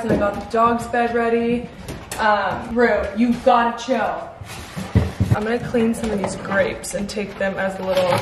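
Chatty woman vlogging in an echoey room. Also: medium pitch. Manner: chatty, lots of "like" and "um" fillers. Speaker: lifestyle vlogger. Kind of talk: casual chat to camera. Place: at home. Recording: echoey room, faint noise.

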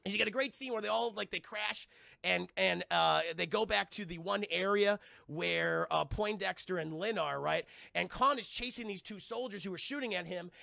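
A man recaps a film live for his chat in a high, gravelly voice. His tone is bright and edgy, and he sounds excitable and profane. The sound is close and dry. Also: normal speed, dry recording. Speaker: streamer reviewing a film. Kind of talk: live-stream movie recap addressing chat.

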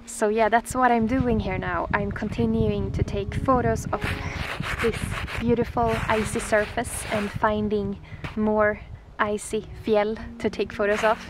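A Swedish woman vlogging outdoors on a frozen lake, speaking in a gentle, dreamy, excitable way that sometimes drops softly toward a whisper. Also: medium pitch, measured pace, noisy background. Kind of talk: casual vlog talk to camera.

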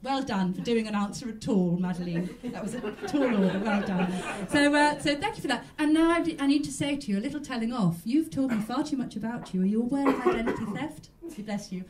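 A woman doing a stand-up character act as a mock chat show host. She sounds prim and genteel and rambles along. Her fairly high voice swoops up and down a lot, picked up by a mic set well back from her. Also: expressive, fairly quick, few pauses, far from the mic, a crowd in the background.

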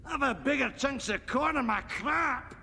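An actor playing an obese, crude, boastful man with a gravelly, bawdy voice in a film comedy. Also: very high voice, animated, a little slow, bright, forceful tone, a little hiss or hum, exaggerated voice.

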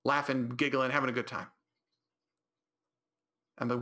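A man with a medium-pitched, pushed and bright voice speaks at a moderate pace, pausing often. He hosts his own casual solo podcast and hails from the California high desert, telling rambling stories full of restarts and self-corrections.

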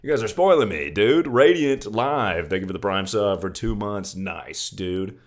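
A young man with a very deep voice hosts a casual livestream, speaking expressively and a little slowly. He's laid-back and joking, swears freely, and calls his chat "dude" and "brother."

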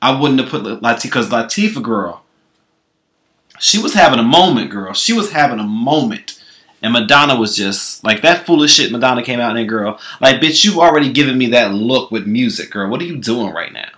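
A man's voice: mid-range voice, lively intonation, fairly quick, bright, forceful tone. A man giving comedic commentary to camera, sassy and profane, calling everyone girl. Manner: sassy, profane, calls listeners girl constantly. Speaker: vlogger.

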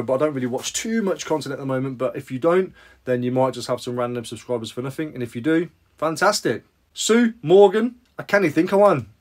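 A man talks through his sales in a casual, rambling vlog voice. He pitches a bit higher than most men. He throws in self-deprecating asides as he goes. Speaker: reseller vlogger.

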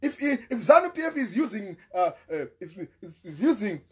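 A man's voice: high-pitched, sing-song, moderate pace, darkish tone, husky. A Zimbabwean man giving impassioned political commentary, emphatic and repetitive, mixing English with Shona.

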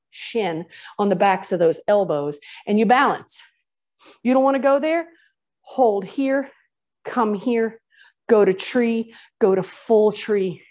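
A woman's voice: fairly high pitch, darkish tone. A woman teaching a yoga class, giving chatty, encouraging cues between breaths while moving in and out of poses, her voice drifting off-mic at times. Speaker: yoga instructor. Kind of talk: guiding a live yoga class.

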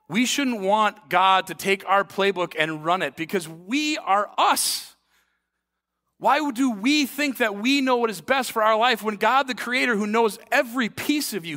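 A man in his thirties preaching a sermon, telling a funny story with animated, laughing delivery. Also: high-pitched. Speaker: pastor. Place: church sanctuary. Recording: echoey church hall.

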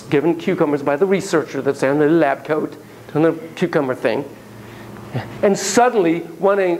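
A man's voice: a little high, poor audio. A man lecturing a class on child psychology, his voice bouncing through a wide melodic range. He talks casually and cracks jokes, breaking into little acted-out examples as he goes. A faint hiss sits behind him. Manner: animated, jokey, acts out examples.

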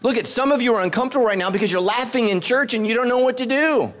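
A man's voice: very high-pitched, animated, very fast, hardly any pauses, a bit bright. A male pastor giving a humorous sermon to a congregation, breaking his scripture reading with playful jokes and asides. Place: church service before a live congregation.

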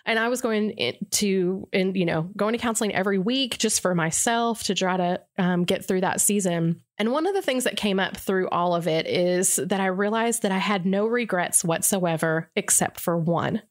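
A woman's voice: mid-range voice, moderate pace, few pauses. A woman in her forties, a radio co-host, telling her life story in an earnest, reflective way, with many fillers. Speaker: radio morning show co-host as interview guest. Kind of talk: candid personal interview.

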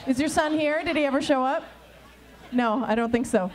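Upbeat high-voiced woman emcee, noisy crowd. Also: moderate pace. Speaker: event emcee. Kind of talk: live event hosting.

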